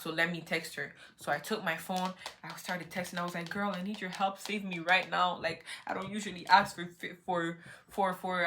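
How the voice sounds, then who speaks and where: A lively young woman tells a casual story-time vlog with a fairly low, bright, forceful voice. She is animated and acts out her own reactions, with plenty of "like" and "you know what I mean." Her tone stays chatty and dramatic. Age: young adult. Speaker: vlogger.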